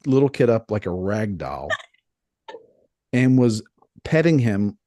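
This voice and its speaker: A man in his thirties rambles through a crude, animated story, co-hosting a casual podcast. His voice sits low and deep. The sound is close and dry. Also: slow, no room sound. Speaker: podcast co-host.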